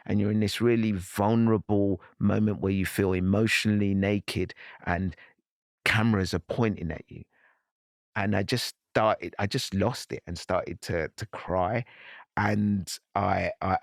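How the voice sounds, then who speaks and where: A man's voice: low voice, gravelly, no echo, studio quality. A man, a podcast guest, recounting a personal story in an earnest, reflective way with frequent restarts.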